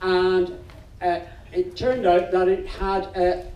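A man's voice: high-pitched, flat delivery, slow, a little mellow. An older man singing a sea song on stage, then telling a story in a wry, chatty way with many restarts. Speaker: folk singer. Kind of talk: live concert singing and storytelling. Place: outdoor festival stage. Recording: roomy live sound from a distance.

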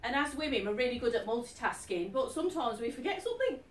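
A woman's voice: a little high, sing-song, fast talker. A woman working as a psychic medium, giving a chatty live reading to an audience and often asking if they follow. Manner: chatty, keeps asking "are you with me?". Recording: echoey room, distant mic, faint noise.

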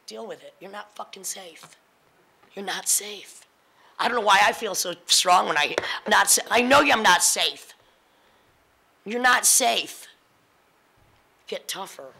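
A woman in her fifties with a gravelly, fry-laden voice and a hard, forceful edge. She talks bluntly and confrontationally, punching her points with profanity as a panelist in front of an audience. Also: low voice, low-quality recording. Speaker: panelist and spoken word performer. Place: lecture hall panel with audience.

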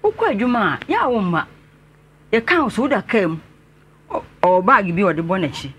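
A man's voice: high-pitched, sing-song, a little fast, a bit bright, a little hiss or hum. Earnest Ghanaian man telling his story. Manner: earnest, respectfully addressing the host. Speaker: interview guest.

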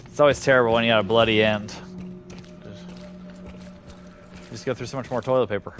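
A man's voice: mid-range voice, big pitch swings, normal speed, long pauses. Man in a put-on English accent. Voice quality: mock Cockney-style voice, swears freely, talks to himself and the monsters. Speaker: game streamer. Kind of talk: live gameplay commentary.

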